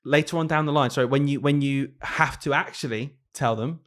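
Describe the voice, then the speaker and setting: A man's voice: on the high side, brisk, fairly bright tone. A man, a primary teacher co-hosting a podcast, telling classroom stories in casual chat and often laughing as he talks.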